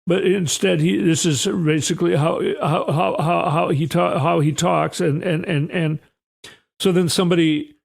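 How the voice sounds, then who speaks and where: A man's voice: fairly high pitch, fairly even intonation, normal speed, gravelly, slightly rough. A man hosting a political commentary show, sarcastic and often sighing. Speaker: host.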